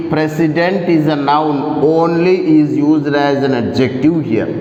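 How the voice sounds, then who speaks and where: Slow Indian English teacher in an echoey room. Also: male voice, on the high side, darkish tone, slight background noise. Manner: deliberate, repeats key phrases for emphasis. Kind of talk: classroom grammar lecture. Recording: echoey room, muffled lo-fi audio.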